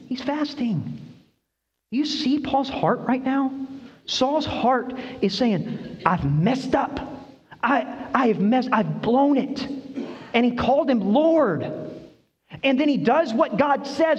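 A male pastor preaching a sermon, asking his congregation questions as he goes. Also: extremely high pitch. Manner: lively, quizzes the congregation with questions. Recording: long reverb, dull lo-fi sound.

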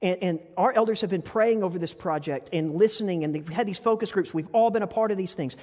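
A pastor preaches a sermon from the pulpit in a high, earnest voice, pressing the congregation with question after question as his delivery swells into fervent appeals. He speaks fast with a slightly mellow tone, and the long reverb of a large church hall surrounds him.

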